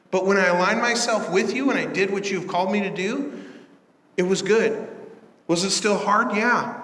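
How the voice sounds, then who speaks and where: A man's voice: high-pitched, a bit bright. Earnest preaching man, echoey hall. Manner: earnest, conversational preaching with rising emphasis. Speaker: pastor. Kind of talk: sermon. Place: church sanctuary.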